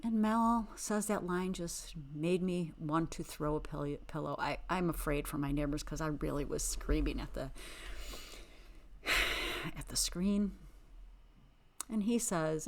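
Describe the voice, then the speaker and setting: A woman's voice: lowish voice, measured pace. Sassy, exasperated woman podcast host. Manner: animated, dramatic emphasis. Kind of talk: reality TV recap commentary.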